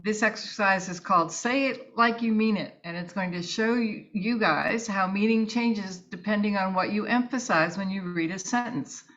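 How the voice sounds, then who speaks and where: A woman's voice: medium pitch, normal speed, hardly any pauses, fairly bright tone. A woman co-leading a tutor workshop, introducing activities in an upbeat, encouraging way, recorded with dull lo-fi audio. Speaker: tutor trainer. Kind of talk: workshop instruction.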